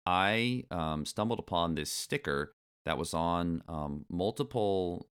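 A man with a very deep, low voice hosts a casual podcast. He talks in a chatty, easygoing way and slips ironic asides into what he reads. He laughs often. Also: animated, slow pace, fairly bright tone, clear, resonant tone. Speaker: podcast host.

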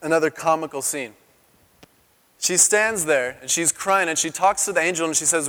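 A man in his thirties preaching a sermon as a pastor, telling the story in an animated way and acting out the quotes in a raised voice. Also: a little high, moderate pace. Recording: long hall reverb.

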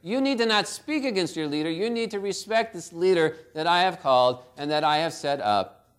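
A man's voice: a little high, expressive, a little fast, clear, resonant tone, lightly acted. A man preaching, voicing God as He reprimands His people, in a firm, scolding manner. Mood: stern. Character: stern commanding male God figure.

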